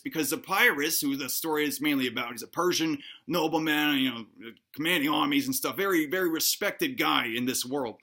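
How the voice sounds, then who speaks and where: Bright, gravelly man telling history irreverently. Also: a little high. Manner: profane, irreverent, mocking the listener; voices the historical figures in quick asides. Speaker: history storyteller. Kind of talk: casual comedic history retelling.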